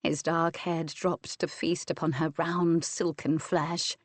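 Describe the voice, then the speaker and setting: A woman reads a historical romance audiobook, slow and intimate. Her voice sits low for a woman and the close microphone sound is dry, with no room around it. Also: flat delivery, no room sound. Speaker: audiobook narrator. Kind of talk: scripted narration of a historical romance.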